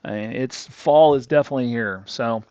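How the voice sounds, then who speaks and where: A man's voice: mid-range voice, normal speed, warm tone, clean tone, no room sound, muffled recording. A man hosting a crypto channel, telling a rambling, folksy story with chuckling asides. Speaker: crypto analysis channel host. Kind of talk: casual storytelling monologue.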